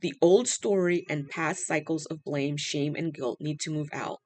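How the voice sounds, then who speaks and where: Tarot reader, channeled reading, earnest, repetitive, emotional, mid-pitched voice. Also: no echo. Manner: earnest and repetitive, often pausing in awe; emotional, says they are overwhelmed.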